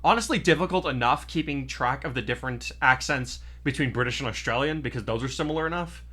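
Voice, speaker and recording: A man's voice: medium pitch, fast talker, bright, forceful tone. A man from New Mexico hosting a casual podcast, explaining at length and often correcting himself. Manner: rambling, self-correcting explainer. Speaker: podcast host and audio drama narrator.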